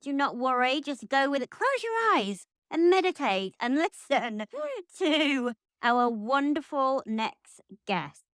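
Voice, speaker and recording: Lady hosting a pod, smooth clear voice, jokey and chatty, dry studio sound. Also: high voice, expressive, slow, hardly any pauses, a bit bright, no room sound. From Lancashire, England. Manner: chatty and jokey, with playful asides. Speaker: podcast host. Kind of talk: relaxed podcast chat.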